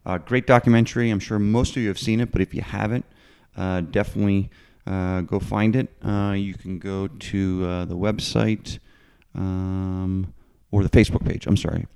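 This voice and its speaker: A man hosting a casual interview podcast, talking in a relaxed, halting way with many fillers and a husky early-morning voice. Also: sits low. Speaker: podcast host. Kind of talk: casual interview and sponsor read.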